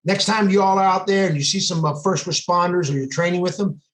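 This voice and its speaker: A man's voice: sits high, fast, fairly bright tone. A man, a police sergeant on a podcast, telling a story intensely and acting out what people said. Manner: intense, quotes dialogue as he tells it. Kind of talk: casual storytelling. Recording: echoey room.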